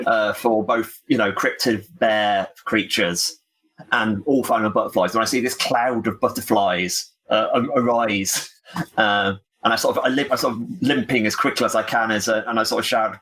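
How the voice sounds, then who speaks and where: A man's voice: on the low side, fairly even intonation, moderate pace, sharp tone, poor audio. A man playing a tabletop role-playing game, describing his character hesitantly with many fillers. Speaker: player. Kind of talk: tabletop role-play narration.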